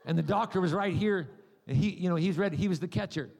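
A middle-aged American-born preacher giving a humorous, storytelling sermon, animated and rambling, acting out voices and cries. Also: male voice, high-pitched, quick pace, gravelly. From United States. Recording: long hall reverb.

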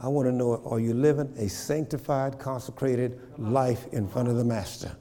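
A man's voice: medium pitch, steady tone, moderate pace, warm tone, in a large hall. A man preaching a sermon, repeating phrases and checking in with his congregation. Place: church.

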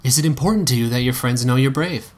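A man reading aloud and voicing a dry, sharp-tongued teenage witch girl. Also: medium pitch, fast talker, lightly acted. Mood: teasing. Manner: teasing, dry and sarcastic.

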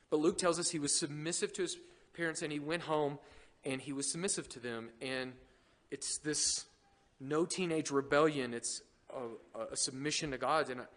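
A man with a high voice preaches a sermon to his church, animated and full of jokes aimed at the congregation. His voice rings out with a long reverb, as if it were filling a church sanctuary. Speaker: pastor.

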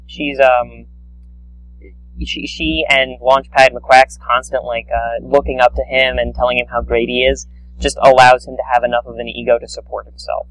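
A man co-hosting a podcast, chatting casually about a cartoon in a rambling, animated, mocking way. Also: medium pitch, normal speed, no echo, rough recording. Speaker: podcast co-host. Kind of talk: casual chat reviewing a cartoon.

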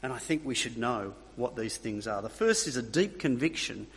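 A man's voice: medium pitch, lively intonation, normal speed, hardly any pauses, husky. A man preaching a sermon, emphatic, repeating key phrases and checking in with his listeners. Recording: long reverb of a hall.

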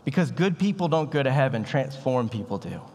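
A man's voice: medium pitch, very animated, fairly quick, a little mellow, in a large hall. A man preaching a sermon as a pastor, in a casual, conversational way with bits of slang. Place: church sanctuary.

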